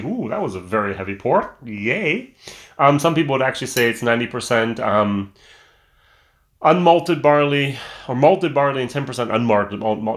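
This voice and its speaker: A man's voice: medium pitch, a bit bright. A man giving a casual, enthusiastic whisky review on camera at home, chatting with frequent restarts and fillers. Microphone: camera mic.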